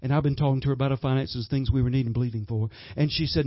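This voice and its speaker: A middle-aged man preaching a lively sermon, laughing often as he leads holy laughter. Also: medium pitch, racing, dry recording, muffled recording. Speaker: guest minister. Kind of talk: Pentecostal-style sermon leading holy laughter.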